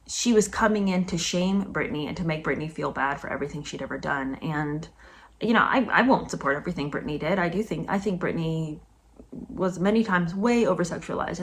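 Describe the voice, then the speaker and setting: A woman reviews a book in a casual vlog, talking in a somewhat low voice. She is emphatic and indignant and breaks into sudden high-pitched outbursts. A light hiss sits behind her.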